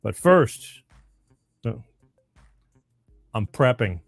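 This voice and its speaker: A man hosting his own talk show, making an excitable pitchman-style sponsor read and bantering with a guest, with frequent restarts. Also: extremely slow, gravelly, dry recording, faint music behind.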